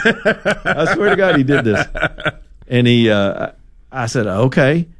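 A male radio host from Alabama, telling stories in an animated, ad-libbing talk radio manner and reading a sponsor plug. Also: medium pitch, moderate pace. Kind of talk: talk radio chat and storytelling.

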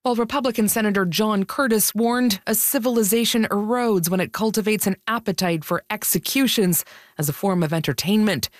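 A woman correspondent delivering a scripted news report in a crisp, formal way. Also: medium pitch, brisk, no echo, clean studio sound.

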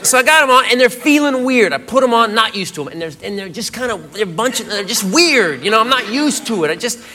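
A man doing stand-up comedy, telling a story with animated delivery and acting out the other voices. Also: extremely high pitch, fast talker. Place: comedy club stage. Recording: comedy club with loud crowd laughter.

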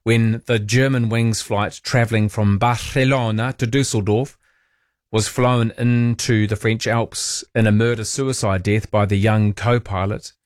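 A man hosts overnight talk radio from a studio, reading out listener messages in a chatty, rambling manner typical of casual late-night radio. His voice is lowish, captured on a studio microphone with no echo.

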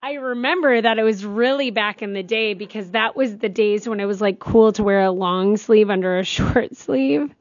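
A woman's voice: mid-range voice, normal speed, few pauses, no room sound, muffled recording. A woman, co-hosting a radio show in casual, giggly chat. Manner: giggly, chatty, animated. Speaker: radio co-host.

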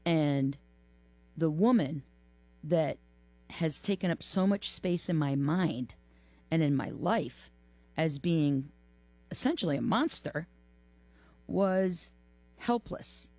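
Heartfelt, halting interview guest, dry sound. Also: medium pitch, dark tone, no room sound. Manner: halting, heartfelt, pausing often. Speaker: memoir author, interview guest. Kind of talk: emotional studio interview. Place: studio.

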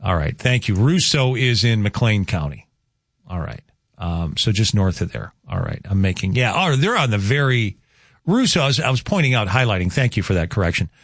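Low-voiced guy hosting morning radio, bouncy up and down delivery, dry studio sound, easygoing and jokey. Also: sing-song, normal speed, fairly bright tone, no echo. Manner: easygoing, joking, chatty. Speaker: radio morning show host. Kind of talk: casual radio chat. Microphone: studio mic.

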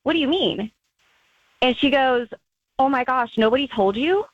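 A woman phones in to a radio show and tells her story chattily, filling it with "like" and acting out quotes. Her high voice is expressive and moves at a moderate pace, and the dry recording has the dull, lo-fi quality of a phone call on air.

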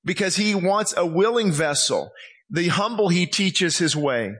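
High-voiced man preaching with fervor. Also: animated, fairly bright tone, breathy edge. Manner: impassioned preaching, drawing out scripture slowly, acting out voices. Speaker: pastor. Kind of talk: sermon. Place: church.

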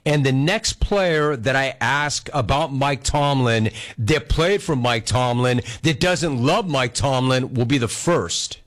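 A man's voice: mid-range voice, slow, hardly any pauses, a bit bright. A man hosting a casual sports interview, laughing often and speaking with emphatic enthusiasm. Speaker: radio show host.

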